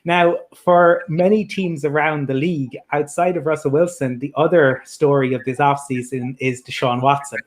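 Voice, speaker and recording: A man's voice: a little high, fairly even intonation, normal speed, few pauses. A man with an Irish accent hosting a sports show, asking conversational, thoughtful questions. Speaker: host. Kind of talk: interview questions.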